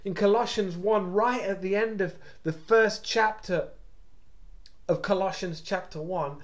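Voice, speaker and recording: Male pastor, high-pitched and unhurried, devotional preaching that pleads and repeats. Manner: passionate, urgent preaching with repetitions. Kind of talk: devotional sermon.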